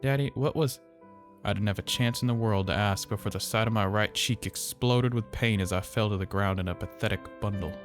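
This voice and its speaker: Man, horror narrator, low voice, slow and somber, faint music under. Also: fairly even intonation. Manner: slow, measured, somber telling. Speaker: storyteller.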